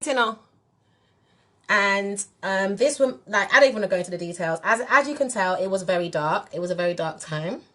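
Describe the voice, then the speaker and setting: A woman's voice: medium pitch, animated, a little fast, a bit bright. Emphatic woman vlogging. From England. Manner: direct, emphatic, addresses viewers as "you lot". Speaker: spiritual teacher and vlogger. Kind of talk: candid monologue to camera.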